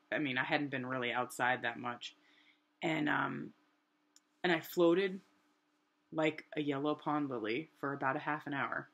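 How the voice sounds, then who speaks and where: A woman in her thirties from New Hampshire telling a personal story in a rambling, animated way with lots of fillers. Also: rumbling low, vocal fry. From New Hampshire, USA. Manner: animated, rambling, many "like" fillers, acts out quotes. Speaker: artist and vlogger.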